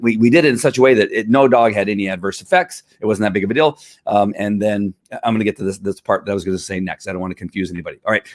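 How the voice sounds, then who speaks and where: Low-voiced chatty dog trainer man. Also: no room sound, studio quality. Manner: emphatic, imitates barking dogs, loose and chatty. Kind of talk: casual podcast explanation.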